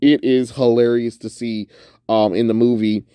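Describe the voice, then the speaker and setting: A young man from the suburban South of the United States rambles casually through a movie review, laughing often and saying "um" a lot. His voice is medium-pitched, dark and clean, with a flat delivery at a moderate pace. The recording is dry, with clean studio sound.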